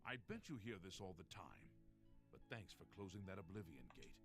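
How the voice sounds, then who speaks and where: Deep friendly townsman. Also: very animated, brisk, over music.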